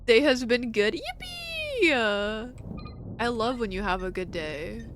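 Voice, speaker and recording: A young woman chats casually over her gameplay stream with a voice that sits a little high. She giggles often, swears freely and teases her viewers. A faint hum of noise sits under her talk. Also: moderate pace. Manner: giggly, profane, teasing toward chat.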